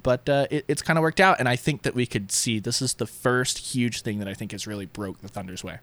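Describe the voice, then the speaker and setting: Bright-voiced man breaking down stats. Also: mid-range voice, brisk, no echo. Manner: earnest, explains at length. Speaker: sports analyst. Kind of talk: casual sports chat.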